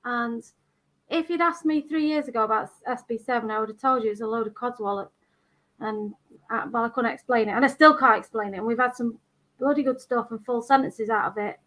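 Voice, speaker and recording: A Scottish woman guest telling a story in an animated, casual way. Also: fairly high pitch, fairly quick. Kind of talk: casual chat.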